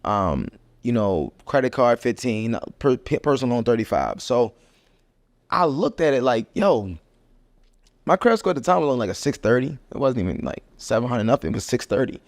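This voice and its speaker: A financial educator from Baltimore, USA, chats as a guest on a podcast, relaxed and agreeable, peppering his speech with "like" and "yo." His voice is mid-range at a normal speed, recorded dry with clean studio sound.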